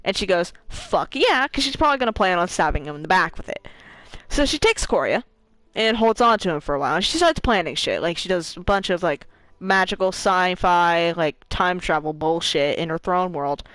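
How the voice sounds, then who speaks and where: A woman streamer casually retelling a game's story, animated, laughing and swearing as she acts out quick voices for the characters. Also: fairly low pitch, no room sound, rough recording. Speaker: gaming streamer. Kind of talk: casual lore retelling while gaming.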